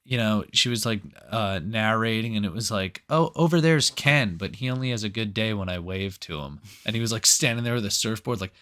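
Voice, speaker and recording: A man's voice: on the low side, a little fast, hardly any pauses, clear, resonant tone. A man co-hosting a movie review podcast, chatting casually and acting out quotes as he retells scenes. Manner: animated storyteller, acts out quotes with voices. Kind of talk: casual chat.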